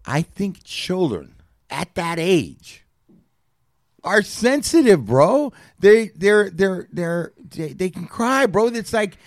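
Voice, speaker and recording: A man's voice: high voice, sing-song, slow pace, no echo, studio quality. A man co-hosting a podcast who talks candidly, swears freely and restarts his sentences. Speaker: podcast co-host. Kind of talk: candid conversational talk.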